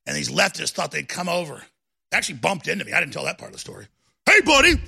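A man hosting a talk show, delivering a combative political rant that builds into shouting. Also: fairly high pitch, lively intonation, rapid-fire, vocal fry, slightly rough.

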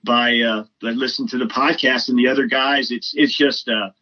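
A man's voice: mid-range voice, fairly even intonation, normal speed, sharp tone, highs cut off. A man guest on a podcast, chatting casually and effusively, rambling with lots of fillers. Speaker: comedian. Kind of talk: casual chat.

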